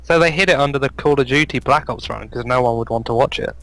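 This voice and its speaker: A man with a gravelly, creaky voice hosts a casual chat show. He jokes and teases his co-hosts and laughs often. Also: medium pitch, fast, fairly bright tone, no room sound, rough recording. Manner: joking, teasing, laughs often. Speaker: podcast host.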